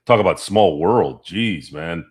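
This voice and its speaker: A man's voice: low-pitched, lively intonation, a little slow. A man in casual podcast chat, reacting to a story with laid-back affirmations. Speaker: podcast co-host.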